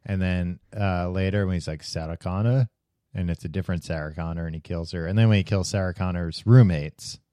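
A man co-hosting a casual movie podcast, animated and laughing often, with plenty of fillers. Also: low voice, fairly quick, few pauses, dry recording, clean studio sound. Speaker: podcast co-host. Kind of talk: casual chat about movies.

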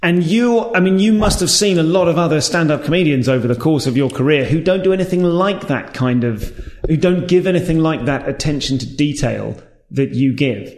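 Higher-voiced male podcast host, roomy. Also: animated, a little fast. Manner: enthusiastic, long-winded questions. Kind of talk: interview questions.

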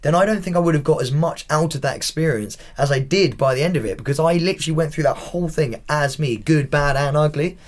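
A podcast guest, English and in his thirties, talks fast with hardly a pause in a fairly high voice. He tells colorful stories in easygoing chat, cursing freely along the way.

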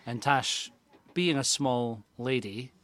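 A man's voice: medium pitch, slow, a bit bright. Scottish man telling rambling anecdotes. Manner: rambling anecdotal storyteller, swearing. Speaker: podcast guest. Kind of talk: casual comedic chat.

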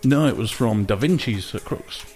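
A man's voice: medium pitch, expressive, normal speed, darkish tone, faint music behind. A man co-hosting a casual podcast chat, laid-back with dry one-liners. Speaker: podcast co-host.

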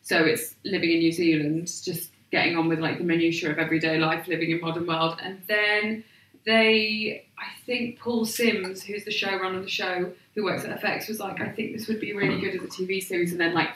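A woman's voice: on the low side, fairly even intonation, fairly quick, fairly bright tone. A woman comedian chatting as a guest, rambling and giggly, poking fun at herself. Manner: giggly, rambling, self-deprecating. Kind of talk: casual chat. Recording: echoey live room from far off.

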